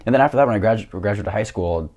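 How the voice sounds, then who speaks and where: A man's voice: on the low side, rapid-fire, darkish tone, slight background noise. A young man with a grainy voice, a jiu-jitsu coach telling stories as a guest in a casual chat, full of fillers and laughs. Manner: rambling storyteller, many fillers and laughs.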